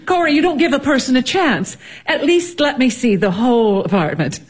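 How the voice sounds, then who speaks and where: A woman's voice: sits high, sing-song, moderate pace, slightly rough, exaggerated voice. An actress playing a chatty, breezy middle-aged mother visiting her daughter, talkative and gushing in a film. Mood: polite.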